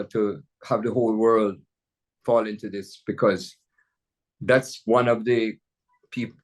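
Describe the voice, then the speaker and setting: An older man from Jamaica with a Jamaican accent, a jazz pianist telling stories in a casual conversation over a video call, rambling and restarting often. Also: lowish voice. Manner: rambling, storytelling, many restarts and "you know"s.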